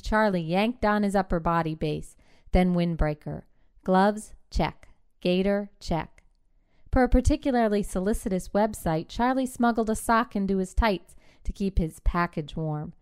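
Woman, fiction reading, very smooth clear tone, middle pitch, clipped measured phrasing. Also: a little mellow. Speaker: short story reader.

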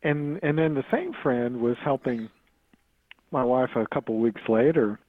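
A man of middle pitch recounts a story in loose, casual speech. He stumbles and restarts often and chuckles now and then. The audio sounds a little dull and lo-fi. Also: no echo. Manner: halting, repeats words and restarts often. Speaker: podcast guest telling a haunting story.

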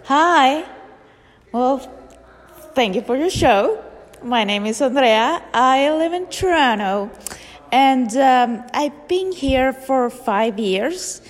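Woman, Venezuelan accent, caller, polite and hesitant, higher pitch, long reverb. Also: animated, slow. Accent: Venezuelan Spanish. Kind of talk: recorded voice message question.

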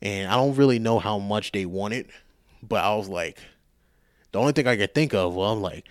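Low-voiced man telling a rambling, profane story. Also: moderate pace, no room sound, clean studio sound. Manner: profane, animated, self-mocking. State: tired. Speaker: podcast host.

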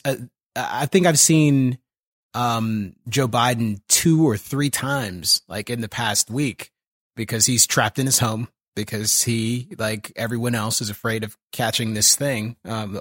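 A man's voice: fairly low pitch, fairly bright tone, no room sound, studio quality. A man co-hosting a podcast, talking through the news with wry, sardonic asides. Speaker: podcast co-host. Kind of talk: casual chat.

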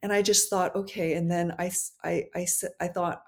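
A woman who is a podcast guest and memoir author, talking candidly and thoughtfully, often pausing to search for words. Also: fairly low pitch, level tone. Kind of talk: reflective conversational interview.

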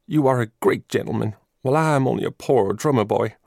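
This is an eager young drummer boy from a storybook, as a man puts him on. He speaks with earnest, hopeful warmth and a pleading edge. The voice keeps a touch of low gravel and sounds dry and close. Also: fast, dry recording. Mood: tearful, pleading.

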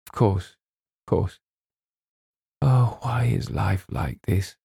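A man voicing a sweet, wistful young woman who speaks softly and hesitantly. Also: on the low side, very animated, measured pace, husky, no echo, clean studio sound, full character voice. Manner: soft, hesitant.

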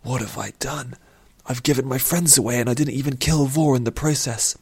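A man's voice: medium pitch, brisk, creaky, husky, dry recording, voice pushed up. A man voicing a seventeen-year-old boy's anxious, doubting inner thoughts. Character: seventeen-year-old boy, angry and frightened.

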